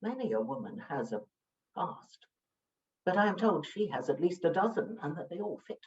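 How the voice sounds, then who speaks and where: Low, swooping actress as a gossipy grand duchess, mic far off, dull lo-fi stage sound. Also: female voice, big pitch swings, normal speed, darkish tone. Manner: grand, gossipy, theatrical delivery. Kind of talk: stage play performance.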